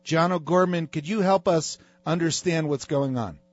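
A man's voice: fairly high pitch, moderate pace, no room sound, dull audio. A man hosting a talk radio show, speaking in an emphatic, preachy way.

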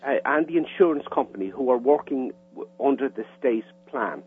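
A man's voice: mid-range voice, lively intonation, moderate pace, slightly rough, soft background music. A man with an Irish accent, a caller on a radio interview, explaining plainly with some hesitations. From Ireland. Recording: tinny phone line with faint hum.

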